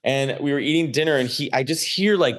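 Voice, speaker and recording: A man, a comedian guest, telling rambling, animated stories on a casual podcast, swearing freely. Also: mid-range voice, fairly quick.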